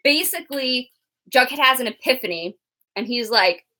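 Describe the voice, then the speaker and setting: A young woman co-hosting a casual TV recap chat, animated and laughing often as she acts out characters. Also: sits high, normal speed. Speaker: co-host.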